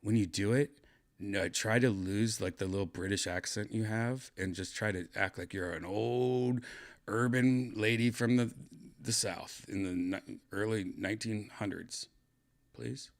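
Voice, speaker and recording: A man hosting a podcast, joking around with an AI voice in rambling, halting casual talk full of fillers. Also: lowish voice, fairly even intonation. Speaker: podcast host.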